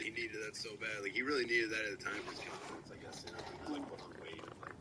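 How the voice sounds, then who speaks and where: Male wrestler, rough-edged rambling storyteller, low voice, quick delivery. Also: fairly even intonation, heavy background noise. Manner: rambling, fillers and heavy swearing. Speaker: pro wrestler telling stories. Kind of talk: casual storytelling. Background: loud music.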